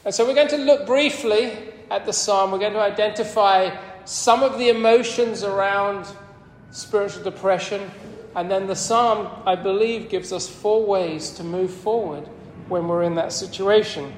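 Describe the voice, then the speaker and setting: A man preaching a sermon, his voice sitting high and lifting further when he quotes scripture. He talks in an earnest, conversational way. The recording is roomy, with a long reverb from the church hall. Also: moderate pace, slight background noise.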